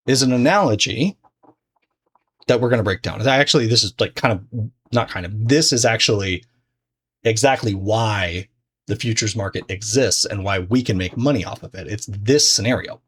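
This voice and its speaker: A man's voice: fairly low pitch, animated, moderate pace, fairly bright tone, husky. A man teaching trading in a loose, conversational way, full of fillers and restarts. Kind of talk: casual explanatory lesson.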